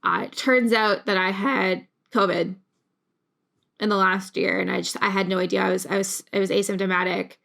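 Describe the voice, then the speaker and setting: A woman's voice: mid-range voice, fairly even intonation, moderate pace, vocal fry, a bit bright. A young woman talking casually to camera in a rambling, emotional way, with many restarts and fillers. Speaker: YouTube creator.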